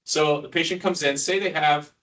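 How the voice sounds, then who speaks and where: A man's voice: on the high side, steady tone, moderate pace, fairly bright tone, recorded from a distance. Joking male surgeon lecturing from afar. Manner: informal, joking, quizzes the audience. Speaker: neurosurgeon lecturing ICU staff. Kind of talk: casual teaching lecture with quiz questions. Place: hospital teaching room.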